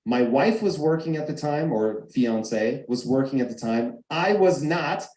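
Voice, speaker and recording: A man's voice: medium pitch, lively intonation, a little slow, darkish tone. Man telling a personal story in an echoey room. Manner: emphatic, acts out quoted arguments. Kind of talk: animated storytelling. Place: room on a video call. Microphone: video call mic.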